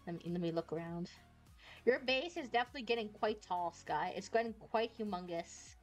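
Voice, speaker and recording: A woman's voice: medium pitch, moderate pace. Bubbly woman VTuber, rambling game commentary, squeals when startled, faint music behind. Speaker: VTuber streamer. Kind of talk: casual gameplay commentary.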